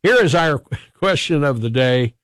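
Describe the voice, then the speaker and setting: A man's voice: on the high side, expressive, unhurried, a bit bright, clear, resonant tone, no echo. Male radio host, casual and chatty, laughs a lot, dry close mic. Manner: chatty, laughs often, reads listener texts. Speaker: radio morning show host.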